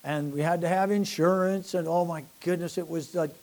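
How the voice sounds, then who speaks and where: An older man, a pastor, telling church-planting stories in a folksy, animated sermon with laughs and asides. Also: a little high, normal speed. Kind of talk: sermon storytelling.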